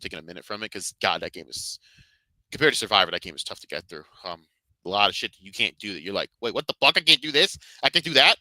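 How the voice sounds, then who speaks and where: A man's voice: deep voice, bright, forceful tone, no echo, rough recording. A man reviewing games and shows in casual commentary, rambling and fervent, swearing heavily. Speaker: video game and Star Wars reviewer.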